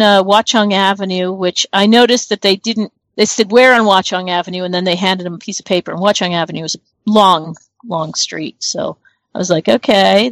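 A woman's voice: lowish voice, dry recording. A middle-aged woman from northern New Jersey, chatting casually as a podcast co-host, rambling and thinking aloud with many fillers over a remote call. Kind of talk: casual chat.

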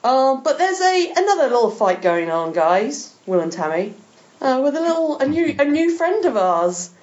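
A woman's voice: sits high, big pitch swings, moderate pace, darkish tone, muffled recording. A woman hosting a podcast, chatting with enthusiasm and laughing often. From England. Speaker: podcast host. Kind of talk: casual chat.

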